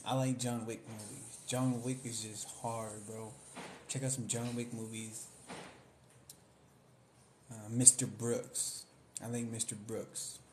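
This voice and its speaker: A man's voice: medium pitch, level tone, takes it slowly, pauses often, a little mellow, a little hiss or hum. A young man in casual chat, rambling in slang about favorite movies and mimicking lines he likes. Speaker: vlogger.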